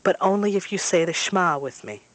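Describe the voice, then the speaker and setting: A woman's voice: fairly low pitch, expressive, fairly quick, close to an everyday voice. A woman voicing an irritable elderly mother who murmurs half asleep, her words read within a story. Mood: murmuring, irritable. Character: dying elderly mother, irritable, fixated on money.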